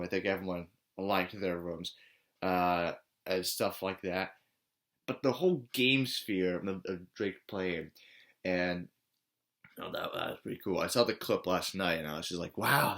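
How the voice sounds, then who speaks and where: A young man rambling through a nostalgic monologue, swinging from mumbling to excited shouts. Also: on the low side. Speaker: video creator.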